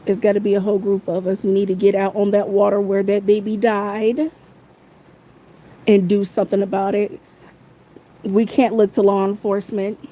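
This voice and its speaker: A woman's voice: medium pitch, little pitch movement, normal speed, warm tone, rough recording. A woman in a heated, profane livestream rant, repeating her phrases over and over, talking into her phone.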